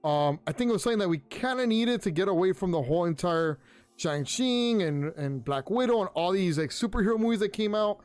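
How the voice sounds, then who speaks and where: A man's voice: sits high, expressive, a little fast, darkish tone. A man hosting his own pop culture show, talking casually and rambling through a review, with many ums and repeated words. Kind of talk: casual solo review talk. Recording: faint music underneath.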